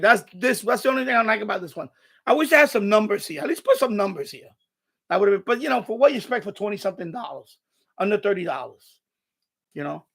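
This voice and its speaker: Man, live-stream host, high voice, gravelly fry, rambling, swears a lot, irritable, home radio room. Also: a bit bright. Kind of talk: unscripted live stream demo.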